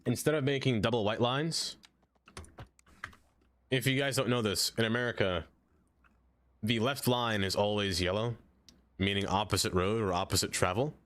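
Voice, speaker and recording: A man streaming a game live, chatting casually with his viewers, laughing often and jumping into high excited exclamations. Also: moderate pace, long pauses. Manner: chatty, laughs often, talks straight to chat.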